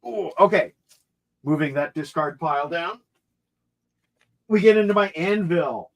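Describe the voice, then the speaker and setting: A man's voice: fairly high pitch, unhurried, gravelly, dry recording, clean studio sound. A man co-hosting a livestream, chatting enthusiastically about his CD collection. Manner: enthusiastic, lively collector talk. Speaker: co-host showing his CD collection. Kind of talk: casual chat on a livestream.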